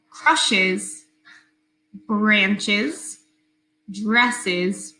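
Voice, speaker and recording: A woman teacher giving a recorded phonics lesson to her class, speaking slowly, clearly and patiently. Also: fairly high pitch, sharp tone, echoey room, rough recording.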